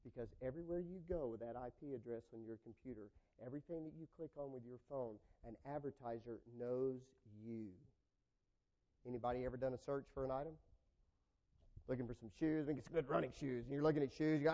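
A pastor preaches a sermon quickly, shifting from loud, raised points to quiet, low asides and acting out the people in his examples. The sound is lo-fi.

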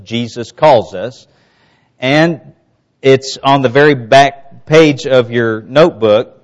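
A man from the US Gulf Coast preaching a sermon in a slow, measured teaching manner, rising to emphasis on key points. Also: medium pitch, dull audio.

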